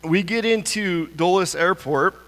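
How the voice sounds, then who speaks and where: Animated man telling a story in a hall. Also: measured pace. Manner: lively, self-mocking, swings high when excited. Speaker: church speaker.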